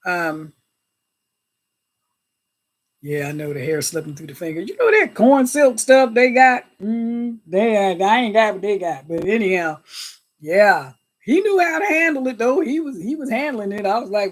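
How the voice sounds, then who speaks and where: Woman, livestream host, animated and chatty, greets chat by name, devout asides. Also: mid-range voice, unhurried. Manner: often invokes God and Jesus.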